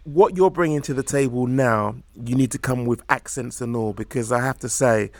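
A man's voice: medium pitch, normal speed, no echo. A man hosting a casual podcast chat as an interviewer, speaking bluntly and outspokenly.

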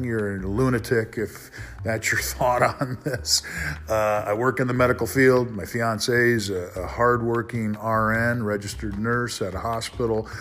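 A man hosting a casual solo podcast, rambling and frank, swearing when he gets worked up. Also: mid-range voice. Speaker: podcast host.

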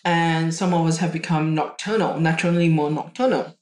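A woman's voice: deep voice, fairly even intonation, fairly quick, darkish tone. Chatty woman in an echoey room. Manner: chatty, echoes the co-host's words, many restarts. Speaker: chiropractor, podcast co-host. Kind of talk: casual podcast chat. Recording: roomy echo.

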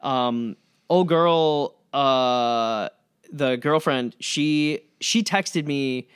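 A man's voice: mid-range voice, very slow, clean tone. A young adult man, a podcast guest, telling a long story in a casual, rambling way with many fillers and restarts. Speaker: podcast guest, record label founder.

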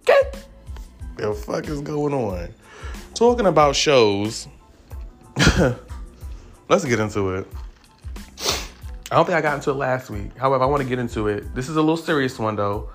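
A man giving casual celebrity gossip commentary, animated and profane, leaping up in pitch for emphasis. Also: moderate pace, long pauses, soft background music. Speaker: commentary vlogger.

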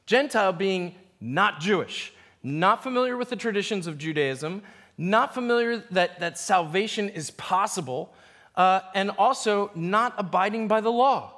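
A man preaching a sermon as a pastor, animated and playful, acting out quoted voices. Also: high-pitched, measured pace. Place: church.

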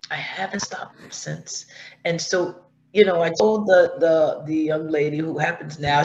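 A middle-aged woman guest in a casual chat, telling her story in an animated way and acting out the voices she quotes. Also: on the low side, gravelly. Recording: dull lo-fi line with faint noise.

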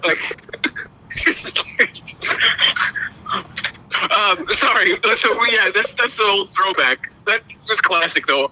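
Teasing, very bright-voiced man. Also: high-pitched, takes it slowly, long pauses, low-quality recording. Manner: teasing, laughs often. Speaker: podcast co-host. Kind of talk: casual podcast banter.

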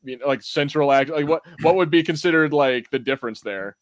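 A man's voice: fairly high pitch, fairly quick, no room sound. A young American man co-hosting a podcast in casual chat, laughing often and swearing casually. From United States. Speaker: podcast co-host.

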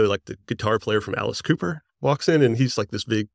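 Male guest, 40s, rambling excited storyteller, dry recording. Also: on the low side, brisk, gravelly, no echo. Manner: excited, rambling, laughs often. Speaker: interview guest, musician. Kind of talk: casual storytelling.

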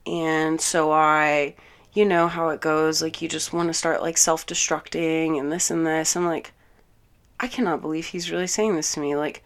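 A young woman with a low, dark-pitched voice tells a story in a casual vlog. She is angry and exasperated, swears often and acts out each side of an argument with lively energy. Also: normal speed. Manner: animated, swears a lot, acts out both sides of the argument.

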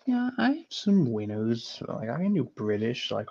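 A man hosting a casual chat, playful and quick to laugh and swear. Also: mid-range voice, sing-song, vocal fry, mellow. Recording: dull lo-fi sound.

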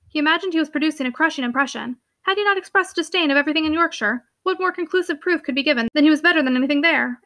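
Bright-voiced young woman reading aloud. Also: high-pitched, dry recording, studio quality. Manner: eager, chatty, many fillers in commentary. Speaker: audiobook reader and book commentator. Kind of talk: reading a novel aloud, then casual commentary.

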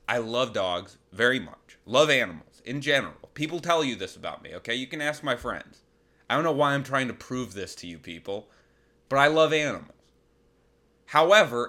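With a sharp tone at medium pitch, the young host reads listeners' questions on his comedy advice show. He responds with exasperated rants, asking rhetorical questions in disbelief.

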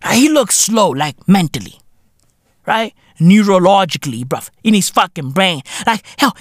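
A podcast host from South Africa talking in a casual, profane monologue, full of slang fillers and emphatic repetition. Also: male voice, high voice, big pitch swings, normal speed, dry recording, clean studio sound.

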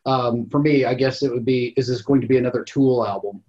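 A hesitant, soft-spoken man speaks on a relaxed podcast call, repeating himself as he finds his words. The audio sounds dull and lo-fi. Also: medium pitch, a little fast. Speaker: podcast guest. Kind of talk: casual group chat.

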